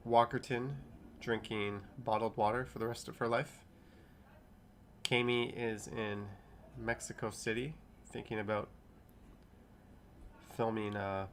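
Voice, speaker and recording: Casual male streamer, 30s, mid-pitched, chatty chat-reader, faint noise behind. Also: a bit bright. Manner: chatty, reads chat comments aloud and riffs on them. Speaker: streamer reading live chat.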